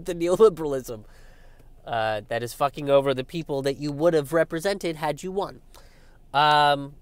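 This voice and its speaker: A young man giving a casual political rant, animated and sarcastic, swearing often and mocking his opponents. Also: a little high, clean tone, no room sound. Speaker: political commentator. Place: outdoors by a road with passing traffic.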